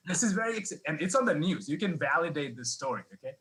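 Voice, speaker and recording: Bright-voiced man telling a rambling stand-up story. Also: fairly high pitch, big pitch swings, fast, rough recording. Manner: rambling, self-deprecating, many restarts. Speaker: stand-up comic. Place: comedy club stage.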